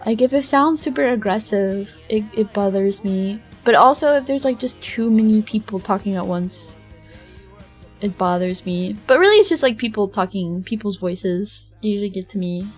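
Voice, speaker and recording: A woman's voice: mid-range voice, lively intonation, normal speed, soft background music. A woman streamer chatting casually with her viewers while she works, rambling with many fillers and little laughs. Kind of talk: casual chat with chat while drawing.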